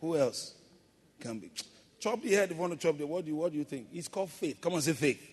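A man's voice: on the high side, expressive, quick pace, slightly rough. Preaching man in a reverberant hall. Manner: call-and-response preaching, swings from loud exhortation to quiet emphasis. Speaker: pastor. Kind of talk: sermon.

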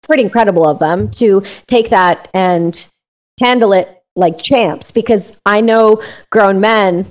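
Blunt woman host, dark humor. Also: medium pitch, measured pace, low-quality recording. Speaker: podcast host. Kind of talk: casual conversation.

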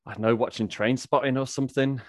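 A man's voice: mid-range voice, fairly even intonation, fast, no room sound, clean studio sound. A young man with an English Midlands accent chatting casually as a guest, swearing freely and often restarting his sentences. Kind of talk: casual chat.

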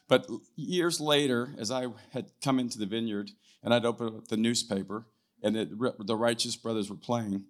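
An older man, a guest speaker at a church, shares his testimony casually before a live audience in the church hall. He talks in a mid-range voice at normal speed, frequently clearing his throat and ending lines with "right?"

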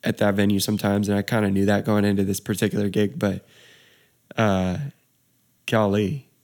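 A man's voice: fairly low pitch, level tone, moderate pace, darkish tone. A young man, a wedding DJ, telling a story in casual chat, laid-back and saying dude a lot.

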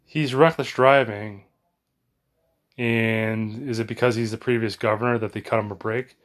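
A man's voice: lowish voice, little pitch movement, fairly quick. An American man rambling in a casual monologue at home, sweaty from exercise, full of fillers and restarts. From United States. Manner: chatty, meandering, frequent fillers and restarts. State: sweaty and warmed up after exercise. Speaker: vlogger. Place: home bedroom.

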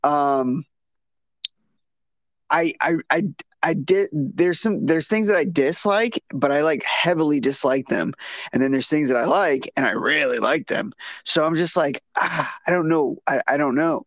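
Podcast co-host, male, a bit high-pitched, rambling casual reviewer, dry studio sound. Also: a little slow, no echo. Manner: rambling, self-interrupting, animated when incredulous. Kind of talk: casual film review chat.

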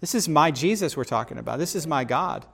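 A man hosting a casual faith discussion, talking in an animated, rambling way with frequent restarts. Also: fairly high pitch, brisk, creaky, slightly rough.

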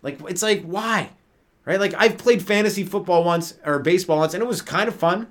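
A young man with a slightly high voice rambles loosely through a comedy monologue. He swears freely and keeps breaking into silly put-on voices. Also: a little fast. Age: young adult. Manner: profane, rambling, jumps into mock voices. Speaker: comedian podcast host. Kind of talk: rambling stand-up style monologue.

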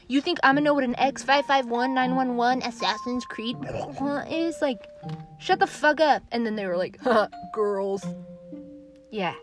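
A woman's voice: high-pitched, music in the background. Profane ranting young woman podcaster. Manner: sarcastic, profane, fast-switching between mock voices. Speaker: podcast host. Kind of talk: ranting storytime monologue.

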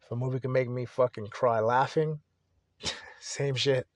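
A man's voice: medium pitch, fairly even intonation, unhurried, no echo. A young man hosting a solo podcast, talking casually in a rambling, profane, laid-back way. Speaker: podcast host.

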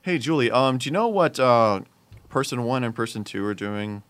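Young man, bright edgy tone, animated storyteller in casual chat. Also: medium pitch, normal speed, smooth. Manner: animated, builds up to loud exclamations.

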